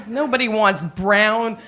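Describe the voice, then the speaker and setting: A woman's voice: a little high, drawn-out words, fairly bright tone. A young woman doing a stand-up set, bubbly and giggly, acting out little voices as she goes. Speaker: stand-up comedian. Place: comedy stage, live audience.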